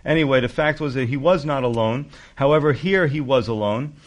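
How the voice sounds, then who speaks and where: A male pastor preaching a sermon with emphatic, animated delivery and conversational asides. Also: medium pitch, fairly quick.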